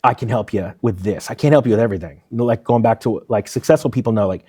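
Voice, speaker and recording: A man's voice: on the low side, fast talker, slightly rough. Man telling stories animatedly. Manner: animated storyteller, acts out quoted dialogue. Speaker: guest, former firefighter. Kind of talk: casual storytelling interview.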